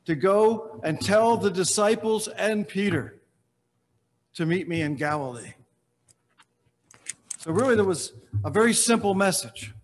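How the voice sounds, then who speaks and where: Slow, reverberant church preacher, a man. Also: high-pitched. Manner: slow, storytelling preacher with dramatic pauses, trailing off softly. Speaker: pastor. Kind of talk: sermon. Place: large church sanctuary.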